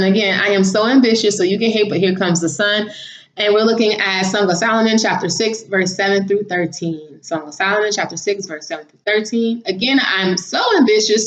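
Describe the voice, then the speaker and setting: A woman vlogging casually, telling a story in a chatty, animated way and laughing now and then. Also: medium pitch, moderate pace. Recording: slightly dull lo-fi audio.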